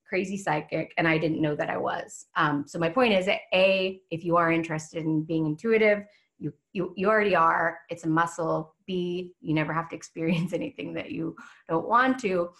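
A woman's voice: lowish voice, brisk, fairly bright tone. A woman teaching casually on a live stream, chatty, with many filler words and frequent laughs. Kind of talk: casual talk.

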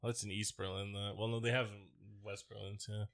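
A man's voice: fairly low pitch, level tone, fairly quick, a bit bright. A man co-hosting a podcast in casual chat, crude and rambling, joking as he goes. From United States. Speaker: podcast co-host.

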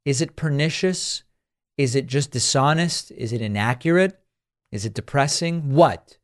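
A man's voice: medium pitch, unhurried. A man hosting a political talk show, giving emphatic, exasperated commentary and searching aloud for the right words.

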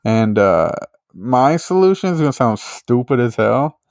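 A man's voice: medium pitch, very animated, measured pace, a little mellow, no room sound, studio quality. A man hosting a podcast, chatting casually in a rambling way with many fillers and frequent swearing. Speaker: podcast host. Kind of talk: casual chat.

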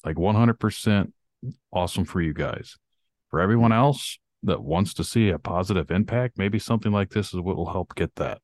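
A podcast co-host with a deep voice rants in an earnest, drawling manner, keeping things loose and chatty. The recording is dry and close-miked, with no sense of the room around him.

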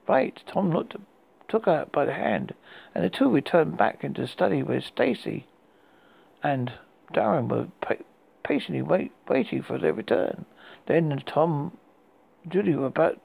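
A man from the UK hosting a horror podcast, narrating a scary story in a halting way with frequent restarts. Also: on the high side, vocal fry, a little mellow, breathy edge, low-quality recording. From United Kingdom.

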